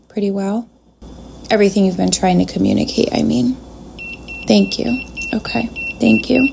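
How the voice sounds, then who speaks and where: Slow, gravelly-voiced woman medium. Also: medium pitch. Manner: soft-spoken, pausing to address an unseen presence. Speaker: psychic medium. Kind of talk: spirit communication session.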